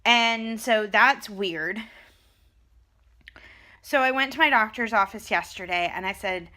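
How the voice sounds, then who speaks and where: A young woman talks straight to her camera at home in a loose, chatty vlog. Her voice is bright and forward, and she tells her story in a lively way, replaying the back-and-forth of a conversation as she goes. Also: mid-range voice, a little slow. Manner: animated storytelling, retelling conversations. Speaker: vlogger. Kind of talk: casual chat.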